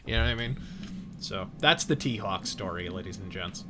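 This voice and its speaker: A man as host telling a profane, animated story with laughter while playing a game. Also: low-pitched, moderate pace, background noise. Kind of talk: casual storytelling while gaming.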